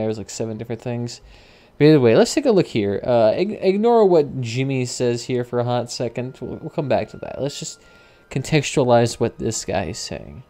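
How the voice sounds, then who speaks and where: A man's voice: medium pitch, very animated, fairly quick, dark tone. A man streaming and giving casual, wry commentary that rambles and corrects itself as it goes. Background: faint background music.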